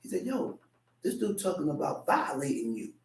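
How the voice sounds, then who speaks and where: A man's voice: fairly high pitch, very animated, moderate pace. Preacher man in an echoey room. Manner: storytelling, acts out voices in quotes. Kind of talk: sermon with personal story. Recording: echoey room, mic at a distance.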